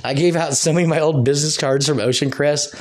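A man's voice: fairly high pitch, fairly even intonation, fast. A man hosting a loose solo podcast, talking in a rambling, profane way and laughing between thoughts. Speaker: podcast host.

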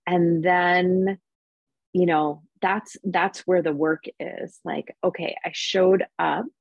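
A woman's voice: fairly low pitch, fairly even intonation, takes it slowly, gravelly, husky, no echo, lo-fi sound. A woman who works as a Reiki practitioner, talking reflectively in a casual podcast conversation with many fillers. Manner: warm reflective speech with frequent laughs and fillers.

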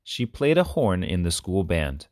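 A deep-voiced man reads children's stories aloud in a clear, expressive storybook manner. His pitch swings widely as he goes, and the recording is close and dry with no room sound. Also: measured pace, no echo. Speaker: reader.

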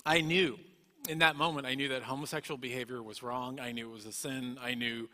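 A man's voice: mid-range voice, fairly even intonation, fast talker, sharp tone. A man giving an earnest, emotional personal testimony, often restarting his sentences as he tells his story. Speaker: guest speaker. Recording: echoey hall reverb.

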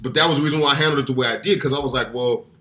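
Fast-talking bright-voiced man. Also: mid-range voice. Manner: animated storytelling, acts out quotes. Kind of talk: casual chat.

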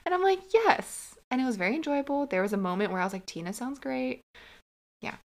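Animated woman reacting on a podcast. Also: high voice, fast talker. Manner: animated, voices her own reactions as quotes. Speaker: podcast co-host. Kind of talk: casual TV recap chat.

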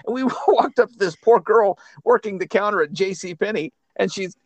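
A man's voice: high-pitched, fairly quick, hardly any pauses, dry recording. A middle-aged man from Arkansas, co-hosting a radio show, telling a story in a chatty, casual way. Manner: chatty storyteller, slips into put-on British voices. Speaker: radio co-host. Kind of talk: casual chat.

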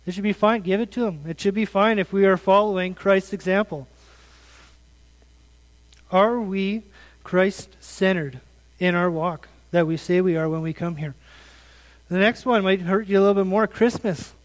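A man in his thirties gives an earnest sermon with a fairly high voice. He keeps asking his listeners direct questions. His words ring out in a hall with a long echo. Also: normal speed, pauses often. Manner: questioning, earnest, conversational preaching. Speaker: pastor.

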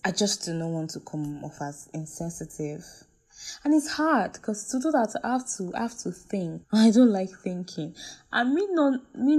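Young woman, Nigerian accent, mellow tone, playful exasperated vlog rant, jumps between quiet asides and loud outbursts. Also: fairly low pitch. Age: young adult. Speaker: vlogger.

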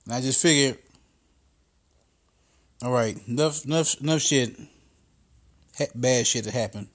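A podcast host tells a profane comedic story in a casual monologue that builds into exasperated rants. He speaks at medium pitch in an unhurried way.

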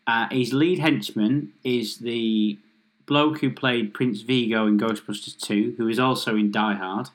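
A man's voice: mid-range voice, fairly even intonation, a little slow. A man in a casual chat, describing an imagined eighties action film scene by scene, rambling with restarts. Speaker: podcast co-host.

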